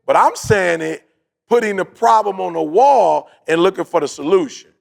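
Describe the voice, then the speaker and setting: A man's voice: high voice, lively intonation, moderate pace, creaky. A man hosting a podcast, telling a story in a casual motivational way, acting out quotes and repeating his points. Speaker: podcast host.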